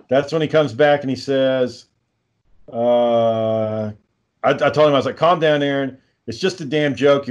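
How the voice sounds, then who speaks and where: Profane rambling podcast host. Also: male voice, medium pitch, highs cut off. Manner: profane, rambling, reads out texts. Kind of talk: casual podcast chat.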